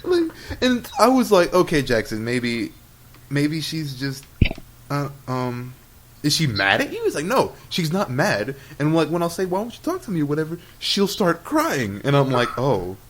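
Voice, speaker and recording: A young man from Texas spins a rambling anecdote on a casual amateur podcast, laughing as he goes and acting out what people said. His pitch swings around a lot as he talks. There is a light hiss behind him. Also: very animated, a little slow. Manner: rambling storyteller, laughs often, acts out quotes. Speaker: podcast co-host. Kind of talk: casual chat. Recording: amateur podcast with audible noise.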